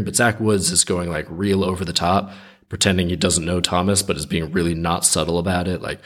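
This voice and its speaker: Male host, casual storyteller, deep husky voice. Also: steady tone, fairly quick. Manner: chatty, conversational. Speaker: podcast host.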